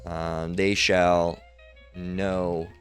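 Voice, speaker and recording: A man's voice: low-pitched, level tone, extremely slow, fairly bright tone, faint music behind. A man giving an informal Bible teaching, hesitant and full of fillers, who keeps checking in with "all right?". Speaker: religious teacher. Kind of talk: informal Bible teaching over screen share.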